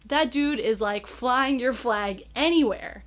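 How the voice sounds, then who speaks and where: A woman's voice: on the high side, slow pace. A woman in her thirties hosting a podcast, earnest and emotional, with casual swearing. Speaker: podcast host. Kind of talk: casual interview chat.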